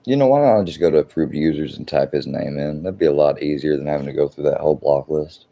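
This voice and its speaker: A man's voice: extremely low pitch, fast, gravelly, dark tone. A man hosting a livestream, ranting in a casual, profane, exasperated way and rambling as he talks to his chat. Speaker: livestream host.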